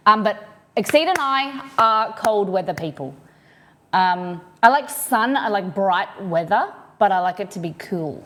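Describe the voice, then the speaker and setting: A woman's voice: mid-range voice, animated, measured pace, a bit bright. An Australian woman livestreaming from her home office, chatting casually and rambling as she reads out viewers' messages.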